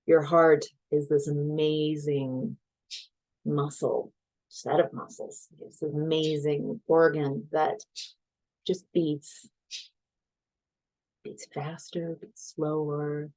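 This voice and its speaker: A woman's voice: deep voice, flat delivery, takes it slowly, long pauses, a little mellow, poor audio. A woman tarot reader giving a casual reading, telling stories in a chatty way and laughing easily.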